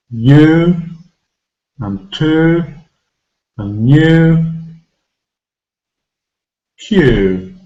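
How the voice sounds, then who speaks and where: Slow, deliberate male English teacher. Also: mid-range voice, warm tone, lo-fi sound. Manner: slow, deliberate, repeats words for emphasis. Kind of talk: pronunciation lesson. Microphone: recorded for a video lesson.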